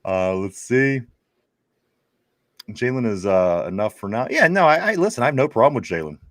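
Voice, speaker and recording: A chatty host, reading viewer comments aloud for a casual sports talk show. His voice sits at a middling pitch for a man and often stumbles into restarts. The sound is dry and close. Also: very animated, moderate pace, no echo. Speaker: podcast host.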